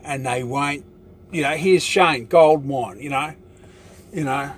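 A man's voice: medium pitch, slow pace, husky. An older Australian man talking in a rambling, profane casual monologue, filling his talk with "you know".

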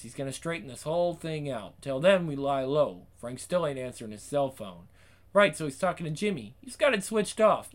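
A man's voice: on the high side, close to an everyday voice. A man voicing a jumpy, profane hoodlum. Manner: tense, sweary.

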